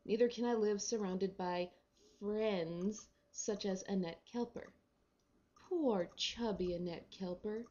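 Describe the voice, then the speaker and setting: A woman's voice: medium pitch, dark tone, lo-fi sound. A woman reading a short story aloud in a wry, sardonic storytelling manner. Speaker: reader.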